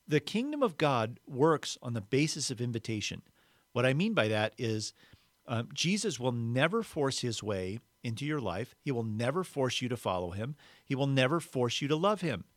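In a studio-quality recording free of room sound, a man with a mid-range voice hosts a podcast. His devotional teaching is reflective, with key words repeated for emphasis.

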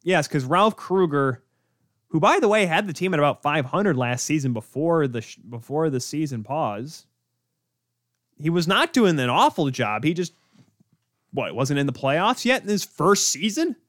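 A man's voice: a little high, big pitch swings, normal speed, a bit bright, no room sound, studio quality. A young man hosting a solo sports podcast, ranting in exasperation and firing off rhetorical questions. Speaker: podcast host.

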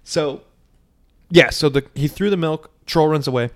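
A man in casual podcast chat, recapping a movie with lots of swearing and quick quoted voices. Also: fairly high pitch. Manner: profane, animated storytelling with quick quoted voices.

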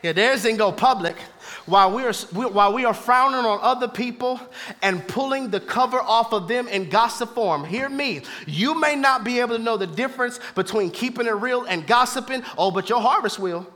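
A man preaching a sermon to a live church congregation, moving from hushed asides to shouted peaks and laughing along with the crowd. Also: extremely high pitch, moderate pace. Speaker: pastor.

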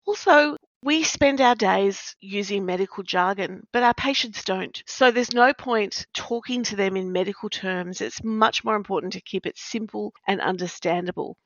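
A woman hosting a podcast, explaining in a measured, explanatory way and stressing key words. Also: mid-range voice, a bit bright, dry recording. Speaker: podcast host, practice faculty manager. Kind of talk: scripted-sounding podcast chat. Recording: dry, slightly dull lo-fi recording.

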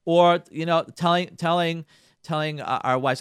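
A rabbi giving a radio talk on marriage, animated, acting out quoted lines and repeating himself. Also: male voice, on the high side, moderate pace, smooth, no room sound, studio quality.

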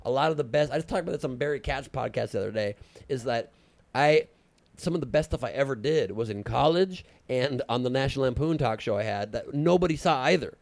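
A man in his late thirties, a comedian, telling stories in an animated, casual podcast chat. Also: medium pitch, vocal fry, no room sound. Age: late 30s. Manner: fast, animated storytelling with fillers.

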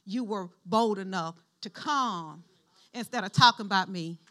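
A middle-aged woman pastor giving a sermon in an animated, conversational style, calling on the congregation to respond. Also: mid-range voice, a little slow.

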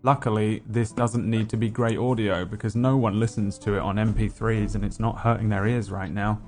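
A man hosting a live stream, talking casually in a relaxed, rambling way. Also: fairly low pitch, normal speed, faint music behind. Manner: laid-back, rambling explanations. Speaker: stream host. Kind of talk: casual chat.

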